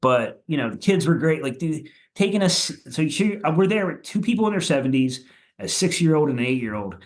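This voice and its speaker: A punk musician from Philadelphia, USA, guesting on a podcast, tells stories in a casual, rambling chat. His voice is a little high, with big pitch swings and a fairly quick pace, and he swears a lot and fills with "like."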